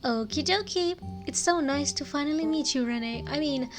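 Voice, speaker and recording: A woman's voice: sits high, normal speed, music in the background, natural voice. A woman voicing a sweet, rambling, cheerful middle-aged cleaning woman. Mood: cheery.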